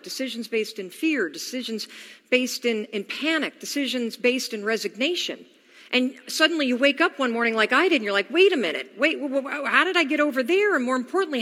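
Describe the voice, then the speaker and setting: Animated woman speaker in a reverberant hall. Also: high-pitched. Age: 40s. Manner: animated storytelling, acts out her own inner dialogue. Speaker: motivational speaker. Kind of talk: motivational talk.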